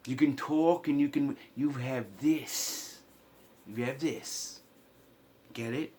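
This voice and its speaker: Slow, impassioned man rambling to camera. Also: mid-range voice, a little hiss or hum. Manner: impassioned, swings from quiet to loud. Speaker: vlogger. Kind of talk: rambling monologue.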